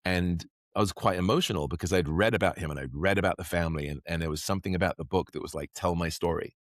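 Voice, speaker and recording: A man with an English accent, a podcast guest, chatting casually in a rambling, animated way. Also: deep voice, rapid-fire, no echo, studio quality. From England. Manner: rambling, animated storyteller who acts out quotes. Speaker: podcast guest, actor and magician. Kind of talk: casual interview chat.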